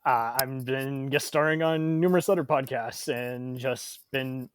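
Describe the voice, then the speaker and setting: A man's voice: medium pitch, measured pace, clean tone, dry recording. A man speaking as a podcast guest in a casual comedy chat, rambling and self-deprecating. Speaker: podcast guest, defense attorney in a mock trial.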